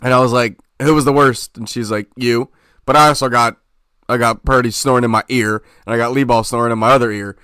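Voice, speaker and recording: A man's voice: medium pitch, fairly quick, clear, resonant tone, no room sound, studio quality. A young man co-hosting a podcast, telling a story with lots of swearing and acted-out quotes in casual chat. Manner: animated storyteller, swears a lot, acts out quotes. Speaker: podcast co-host.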